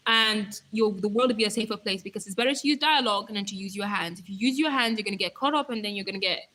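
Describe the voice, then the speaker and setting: Bright-voiced young woman live streaming. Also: medium pitch, quick pace, few pauses, slight background noise, rough recording. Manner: chatty, rambling, playful, reading out viewer comments. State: voice going hoarse. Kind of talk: casual live stream chat to viewers.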